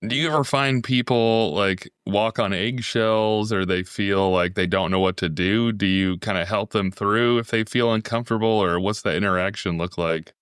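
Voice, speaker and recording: A man's voice: fairly low pitch, steady tone, normal speed, hardly any pauses, fairly bright tone, clear, resonant tone, dry recording, studio quality. A man hosting a podcast interview, asking questions in a friendly, upbeat way. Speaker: podcast host. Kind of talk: casual interview talk.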